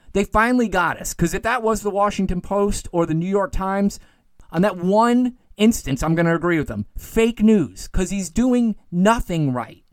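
A man hosting his own podcast, ranting in a casual, animated way about politics and calming down for his sign-off. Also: a little high, no room sound. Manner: animated, ranting, gets worked up then calms. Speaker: podcast host. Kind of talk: solo political commentary podcast.

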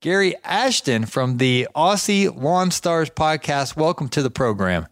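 A man's voice: on the high side, lively intonation, a little slow, no room sound. A man from Georgia, hosting a casual interview podcast in a chatty, self-deprecating way with frequent restarts. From Georgia, United States. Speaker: podcast host.

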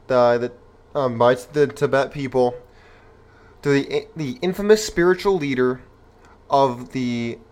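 A man's voice: medium pitch, a little slow, long pauses, darkish tone, clean tone. A young man hosting an opinion commentary show, reading news aloud and reacting with rhetorical, indignant outrage.

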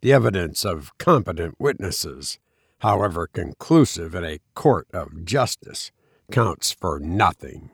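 A man reading a story aloud as narrator in a measured, even way. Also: low voice, vocal fry, breathy edge, dry recording, studio quality. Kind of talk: audiobook reading.

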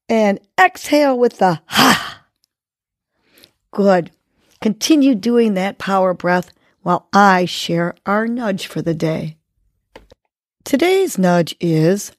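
A woman's voice: mid-range voice, no room sound, studio quality. A woman hosting a podcast, guiding a breathing exercise and giving encouraging, coaching words. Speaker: podcast host. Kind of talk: guided breathing and motivational talk.

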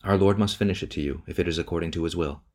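A man's voice: sits low, very fast, a little mellow, natural voice. A man reading the part of an earnest young woman who pleads with a shaking voice.

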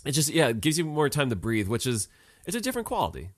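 A man co-hosting a podcast in relaxed, slangy casual chat, laughing often. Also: medium pitch, fast, no room sound, clean studio sound. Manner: laid-back, laughing, slangy. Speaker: podcast co-host.

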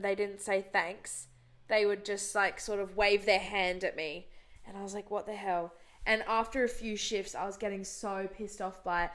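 A young woman hosting a podcast, telling exasperated stories in casual chat. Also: mid-range voice. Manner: chatty, exasperated storyteller. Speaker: podcast host.

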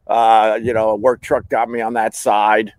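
A man's voice: on the low side, flat delivery, normal speed, darkish tone, no room sound. A middle-aged man hosting a podcast, telling a rambling, self-mocking story in casual talk and acting out the dialogue. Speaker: podcast host.

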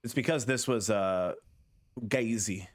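Low-voiced guy co-hosting a podcast, rambly and wry, lots of likes and ums. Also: moderate pace. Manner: rambling, filler-heavy, wry. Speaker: podcast co-host. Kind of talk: casual chat.

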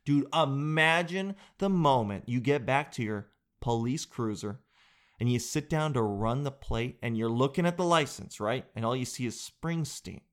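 A man comedian telling a comic monologue in an animated, profane storytelling way. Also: mid-range voice, moderate pace. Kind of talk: stand-up style comic monologue.

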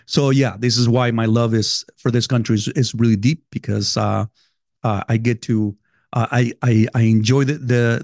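A man with a foreign accent, talking casually to his viewers as a vlogger, halting and rambling with many restarts. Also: mid-range voice, darkish tone, dry recording, studio quality. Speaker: vlogger reading viewer messages. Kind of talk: casual direct-to-camera talk.

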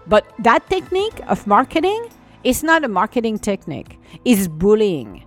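A woman's voice: mid-range voice, very animated, brisk, no room sound, soft background music. A woman in an indignant, scolding rant to camera, with slightly non-native English phrasing. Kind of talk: ranting monologue to camera.

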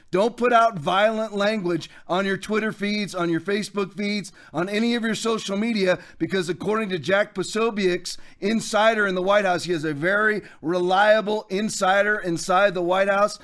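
A man with a high-pitched voice hosting a podcast, delivering political commentary as an emphatic monologue. He preaches at his listeners and reads scripture aloud between points. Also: moderate pace, few pauses, a bit bright. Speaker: podcast host.

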